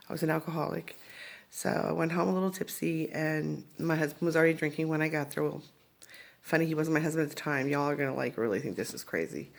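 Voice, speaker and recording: A woman's voice: low voice, vocal fry. A woman telling a personal story to the camera in a candid, confessional way, growing emotional and tearful. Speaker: vlogger telling her own story.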